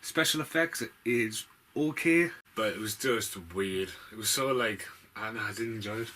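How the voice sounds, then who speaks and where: Male film vlogger, lowish forceful voice, sweary ranting reviews. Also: moderate pace, a little hiss or hum. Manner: blunt, sweary, rambling.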